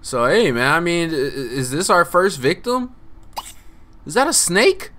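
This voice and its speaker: Lively, bright-voiced young male gamer. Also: fairly high pitch, a little slow. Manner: laid-back slangy talk, often says "man", excitable outbursts. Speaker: gaming channel host. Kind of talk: casual gameplay commentary.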